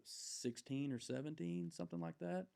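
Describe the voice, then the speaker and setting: Gravelly man in his 40s rambling through a story on a podcast, lots of ums. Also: on the high side, normal speed. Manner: rambling, animated anecdote-telling with many fillers. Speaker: podcast guest. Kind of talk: casual storytelling.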